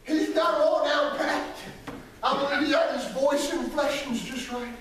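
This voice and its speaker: With a very high voice, steady tone, and normal speed, a male associate pastor gives a folksy sermon that singles out church members by name. He climbs to shouting peaks then drops almost to a whisper, his voice far off in an echoey hall with slight hiss or hum.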